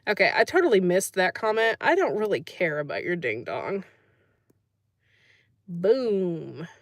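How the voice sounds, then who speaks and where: A woman's voice: on the low side, sing-song, measured pace, no room sound. A woman hosting a casual livestream, chatting, laughing often and reading out comments from the chat. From United States. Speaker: livestream host.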